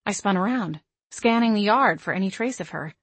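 A woman reading a first-person audiobook in a steady, even storytelling manner. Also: medium pitch, moderate pace, husky, no echo. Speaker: audiobook narrator.

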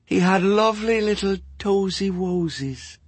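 A man's voice: high-pitched, lively intonation, a little slow, breathy edge, no echo, pitched above the performer's own voice, exaggerated voice. A man voicing a dazed middle-aged woman, a former nun speaking from a trance, hollow and wistful. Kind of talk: audiobook character voice.

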